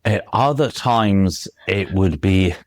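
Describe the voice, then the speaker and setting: Man, very deep voice, dry close sound, interview guest, chatty with fillers and restarts. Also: slow, no echo. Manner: explains with many fillers and restarts, recites verse and taps out rhythms. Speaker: guest author. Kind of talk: conversational podcast interview.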